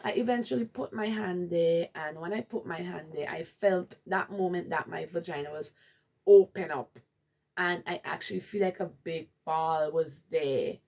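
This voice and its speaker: A woman's voice: fairly low pitch, normal speed, vocal fry, a little mellow. A woman with a Jamaican accent candidly telling a rambling personal story in a vlog. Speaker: vlogger.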